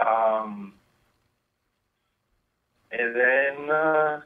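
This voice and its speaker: A wrestler appearing as a guest on a casual phone interview tells rambling stories packed with fillers. His mid-range voice draws out words, and the phone line sounds tinny.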